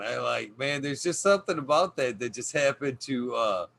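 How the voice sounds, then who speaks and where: A man's voice: medium pitch, moderate pace, vocal fry, hardly any pauses, fairly bright tone. A man hosting a podcast, telling a story in a rambling, profane way with plenty of fillers. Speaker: podcast host. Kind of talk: casual storytelling.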